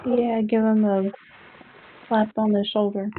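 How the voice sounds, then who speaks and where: A woman's voice: mid-range voice, level tone, unhurried, slight background noise. A woman playing a tabletop game, talking hesitantly and restarting her sentences. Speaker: player. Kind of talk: casual tabletop play. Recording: tinny online call audio.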